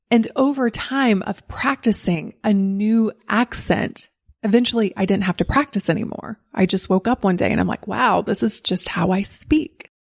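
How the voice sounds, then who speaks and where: A woman's voice: medium pitch, a little mellow. Woman in her 40s, podcast host, neutral American accent with a faint Southern trace. Candid, encouraging, laughs easily. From Southern United States. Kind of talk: solo podcast monologue.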